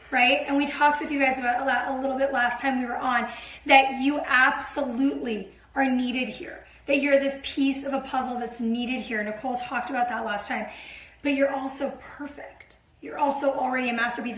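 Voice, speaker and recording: A high-pitched woman gives an earnest, affirming spiritual talk straight to her listeners. The sound carries a roomy echo. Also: fairly bright tone, a little hiss or hum. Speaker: co-host of a spiritual sermon. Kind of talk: livestreamed spiritual sermon.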